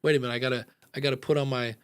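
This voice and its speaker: A man's voice: mid-range voice, steady tone, very fast, clean tone. An American man hosting a podcast, talking casually and rambling with lots of fillers. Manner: rambling, chatty, many fillers. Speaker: podcast host.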